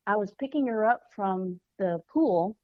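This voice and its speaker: A woman, a children's author, speaking earnestly as a podcast guest and often pausing to find her words. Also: mid-range voice, expressive, dry recording, narrow, tinny audio. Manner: earnest, searching for words with fillers. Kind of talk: podcast interview.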